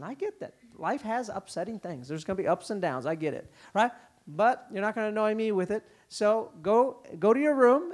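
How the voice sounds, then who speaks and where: A man speaking at a parenting conference, telling stories and acting out quick lines for kids and parents. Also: sits high. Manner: animated storytelling, voices children and parents in quoted bits. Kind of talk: conference talk. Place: conference hall.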